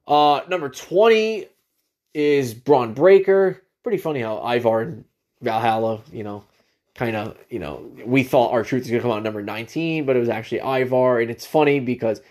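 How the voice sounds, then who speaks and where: A man's voice: medium pitch, moderate pace, darkish tone. A man hosting his own podcast, recapping a wrestling event in a rambling, enthusiastic fan's way with lots of fillers. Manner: rambling, enthusiastic fan talk with many fillers. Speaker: podcast host.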